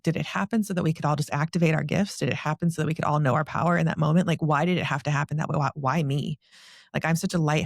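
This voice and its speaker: A woman's voice: low-pitched, creaky, a little mellow, dry recording, studio quality. A woman, a podcast guest, telling a personal story emotionally, with many "like" fillers and a racing, breathless manner.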